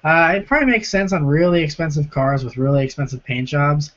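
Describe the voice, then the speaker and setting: Hoarse young man hosting a live Q&A. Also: fairly high pitch, a little fast, fairly bright tone. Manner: chatty, reads viewer comments aloud and answers them. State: hoarse, sore rough throat. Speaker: live stream host. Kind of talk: casual live-stream Q&A. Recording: lo-fi stream audio.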